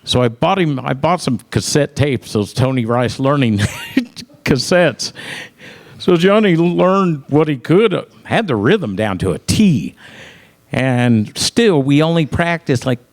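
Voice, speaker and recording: A man's voice: medium pitch, lively intonation, takes it slowly. A middle-aged man telling stories about his music career in casual talk, acting out other people's lines in raised voices and laughing often. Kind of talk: casual storytelling.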